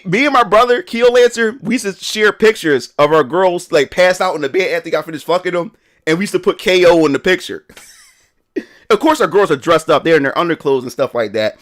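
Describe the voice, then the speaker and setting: Young man, fairly high voice, casual livestream chat, slangy, rambling restarts. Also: fairly bright tone. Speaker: live streamer.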